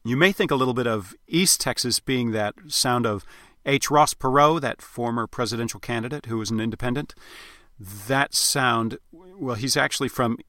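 A man giving a recorded accent lesson, explaining sounds in a clear, instructive way. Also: mid-range voice, moderate pace, bright, forceful tone, no room sound. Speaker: accent coach.

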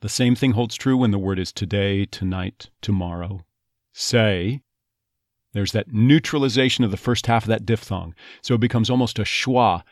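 Methodical male accent coach, low and dry. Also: brisk, few pauses, no echo. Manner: methodical, demonstrates sounds word by word. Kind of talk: instructional teaching.

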